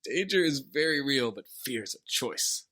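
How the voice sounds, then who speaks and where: A man's voice: medium pitch, sing-song, moderate pace, bright, forceful tone. A man co-hosting a podcast, casually recapping a movie plot with wry jokes. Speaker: podcast co-host.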